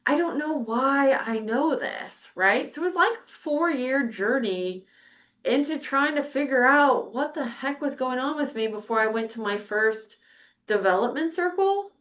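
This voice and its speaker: A middle-aged podcast host with a high-sitting, fairly bright voice speaks expressively at normal speed. Chatting casually, she relates a personal story and acts out her past reactions, swearing freely and candidly.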